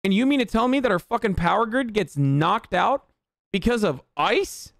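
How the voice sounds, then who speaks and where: A man's voice: high voice, lively intonation, normal speed, creaky, fairly bright tone, no room sound, studio quality. A man streaming live, ranting with heavy profanity and answering his chat. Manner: reads viewer chat aloud and answers it. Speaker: livestreamer. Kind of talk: livestream rant and chat replies.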